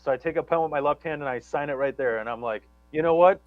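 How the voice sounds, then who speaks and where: A man's voice: fairly high pitch, fast talker, no echo, narrow, tinny audio. Rambling, profane man telling a story. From Chicago area. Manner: rambling, profane, many restarts and stammers. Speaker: guest storyteller. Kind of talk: casual storytelling on a live show.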